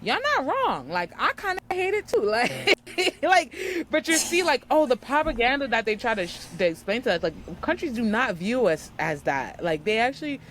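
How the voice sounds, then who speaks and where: A young woman from the United States, a podcast guest chatting casually and telling animated travel stories. She acts out other people's lines and fills her talk with "like.". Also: on the high side, moderate pace, a little hiss or hum. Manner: animated storyteller, acts out quotes, says "like" often. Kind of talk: casual chat.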